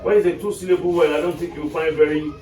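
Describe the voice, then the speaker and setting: A man's voice: fairly high pitch, fairly even intonation, fast talker, darkish tone. A male teacher giving an English lesson to a class, often checking that his students are following. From Nigeria. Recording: echoey room, mic far off.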